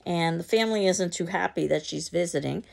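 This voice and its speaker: A woman's voice: lowish voice, a little fast, vocal fry, darkish tone. A woman explaining a play to a class and reading its stage directions aloud, with frequent fillers.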